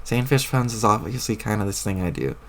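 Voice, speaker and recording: A man's voice: fairly low pitch, a little fast, gravelly, a bit bright. A man reading aloud as a brash, rude sea troll girl who makes fish puns. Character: bubbly, aggressive female sea troll girl.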